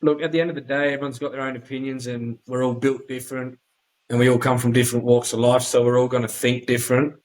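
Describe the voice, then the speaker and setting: A man's voice: medium pitch, level tone, quick pace, darkish tone, low-quality recording. A man with an Australian accent, a podcast guest talking bluntly and rambling, with plenty of swearing, in a casual chat. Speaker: podcast guest, offroad YouTuber.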